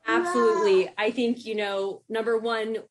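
A woman occupational therapist speaking as a guest in a news interview, talking in a warm, animated way about how she talks to her children. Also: moderate pace. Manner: warm, animated, lifts into high sing-song baby talk when demonstrating.

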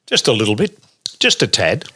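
A man's voice: fairly low pitch, huge pitch swings, moderate pace, bright, forceful tone, husky. A man giving dry, short replies in radio chat.

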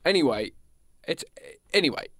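Man, radio co-host, rambling storyteller, higher voice, dry studio sound. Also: sing-song, moderate pace, a bit bright, no echo. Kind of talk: casual chat.

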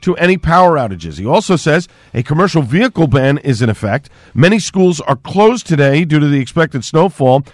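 Steady male radio newscaster. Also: fairly high pitch, a little fast, hardly any pauses, no room sound, clean studio sound. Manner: steady, clipped news delivery. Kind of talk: radio news reading.

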